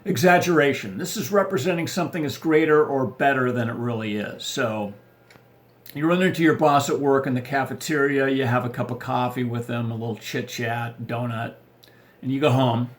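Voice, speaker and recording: A man presenting marriage advice in a scripted talk, giving definitions in a measured, list-like way. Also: mid-range voice.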